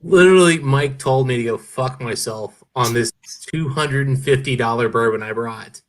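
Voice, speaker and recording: A man in casual chat, telling an animated story and swearing freely. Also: medium pitch, normal speed.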